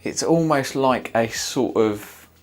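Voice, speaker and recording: A man's voice: medium pitch, takes it slowly, faint music behind. A man casually reviewing fragrances, thinking aloud with many fillers and reacting as he smells each one. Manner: sniffs and reacts in the moment.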